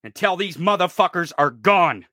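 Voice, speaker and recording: An enraged man in his thirties from rural America tears into a profane political rant, shouting much of it. His voice sits high and sounds sharp and bright. The recording is dry and close, with no room sound. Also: animated, normal speed, no room sound. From rural United States.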